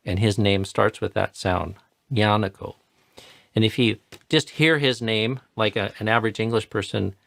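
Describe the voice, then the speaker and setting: Low gravelly man teaching chanting. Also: no room sound. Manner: patient, explanatory, repeats words slowly to model sounds. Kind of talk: live online tutorial.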